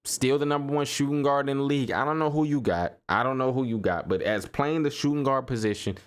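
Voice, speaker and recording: A young man talking hoops on his own podcast, loose and excitable, circling back on his points and laughing in disbelief. His voice sits at an everyday middle pitch. The talk is easygoing and conversational. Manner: animated, repeats himself, laughs and riffs in disbelief. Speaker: sports podcast host. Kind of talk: casual solo sports commentary.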